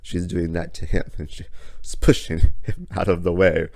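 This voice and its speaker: A man casually telling a personal story, animated and folksy, with sudden jumps up in pitch. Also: a little slow, no room sound. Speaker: storyteller host.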